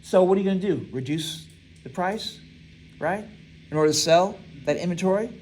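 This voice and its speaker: High-pitched male instructor, classroom lecture, reads and quizzes students. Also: moderate pace, darkish tone, rough recording. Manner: quizzing, reads text aloud and asks students to fill in words; repeats "right?" often.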